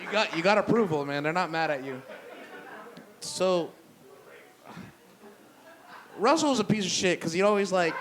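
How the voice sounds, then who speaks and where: A man's voice: fairly high pitch, lively intonation, normal speed, long pauses, background noise. A young man doing stand-up comedy at a live brewery show, telling loose, profane, self-deprecating stories with lots of restarts. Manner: loose, rambling delivery with restarts.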